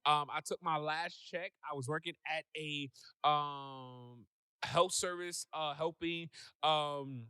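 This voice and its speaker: A man, a guest on a talk show, telling a personal story in a lively way and acting out what people said. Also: on the high side, takes it slowly, smooth, no room sound. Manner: animated, acts out quoted voices. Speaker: podcast guest.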